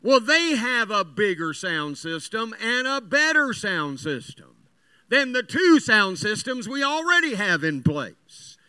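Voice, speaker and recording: A man preaching with a very high, sharp and bright voice, unhurried in his delivery. He mixes folksy stories with earnest, emphatic points. The sound is dry and close. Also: smooth, no echo. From West Virginia. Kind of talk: sermon.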